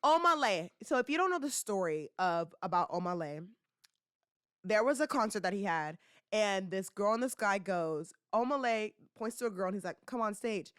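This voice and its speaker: A young woman hosting a casual commentary podcast, talking in slangy, animated bursts full of rhetorical questions and teasing. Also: mid-range voice, normal speed, smooth, no echo, studio quality. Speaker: podcast host.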